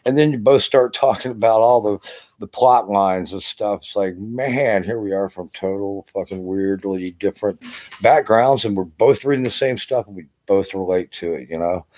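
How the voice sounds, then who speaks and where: An exhausted older man with a low, slightly mellow voice rambles through a casual vlog monologue at normal speed. He's an army veteran vlogger, profane and leaning heavily on "you know," recorded on a camera mic.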